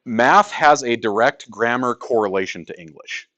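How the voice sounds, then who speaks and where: A man's voice: medium pitch, expressive, moderate pace, pushed and bright. A male math teacher teaching a class in a classroom, joking with students and asking rhetorical questions.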